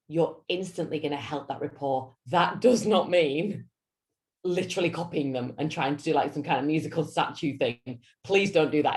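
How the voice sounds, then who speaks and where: A woman with a Yorkshire accent coaching a team on public speaking. Her voice sits low, but she delivers it in a theatrical, up-and-down way that keeps the training talk animated. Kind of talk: lunch-and-learn training talk.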